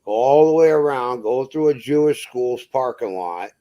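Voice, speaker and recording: A man from Massachusetts, a truck driver, telling a profane, animated story in casual chat and acting out what people said. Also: medium pitch, normal speed.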